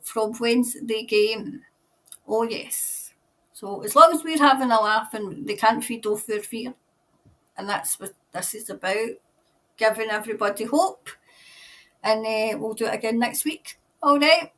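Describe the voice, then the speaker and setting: Chatty Scottish woman, a bit high. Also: fairly bright tone, distant mic. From Scotland. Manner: chatty and rambling, laughs often, greets viewers by name. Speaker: tarot reader hosting a live stream. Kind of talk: casual live-stream chat with viewers.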